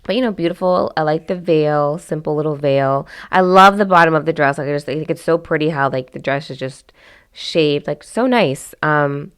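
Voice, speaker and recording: A woman's voice: sits low, normal speed, clean tone. A woman hosting a casual commentary vlog, chatty and candid, with lots of fillers and restarts as she gives her opinions. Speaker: host.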